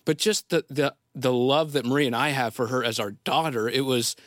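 A man in his thirties, an audio engineer and studio guest, telling a family story in an earnest, halting way with many restarts. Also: mid-range voice, no room sound. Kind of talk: casual studio chat, storytelling.

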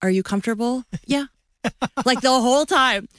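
A woman's voice: fairly high pitch, normal speed, no echo, studio quality. A woman in her fifties, a guest author on a radio interview, telling a story with playful acted-out voices. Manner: animated storyteller acting out voices.

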